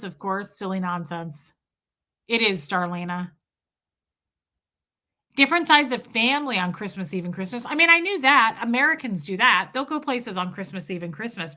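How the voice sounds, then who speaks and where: A woman's voice: medium pitch, bright, forceful tone. A middle-aged woman hosting a casual live stream, chatty and laughing as she reads viewer comments aloud. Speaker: livestream host reading chat.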